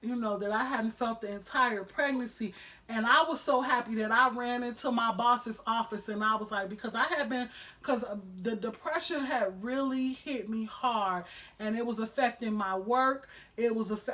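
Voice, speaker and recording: A woman's voice: fairly high pitch, normal speed, bright, forceful tone. A woman vlogger telling a personal story to camera at home, emotional and candid, with a lot of "you know" fillers.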